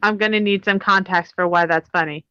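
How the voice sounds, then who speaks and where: A woman's voice: mid-range voice, steady tone, fairly quick, pushed and bright, clear, resonant tone, dry recording, highs cut off, soft background music. A woman co-hosting a casual chat, blunt and sarcastic, swearing freely. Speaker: co-host.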